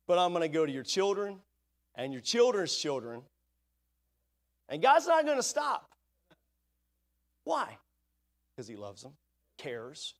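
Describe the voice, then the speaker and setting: High-voiced tinged preacher. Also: male voice, a bit bright. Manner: conversational preaching, rhetorical questions, reads scripture aloud. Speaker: pastor. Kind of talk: sermon. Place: church sanctuary.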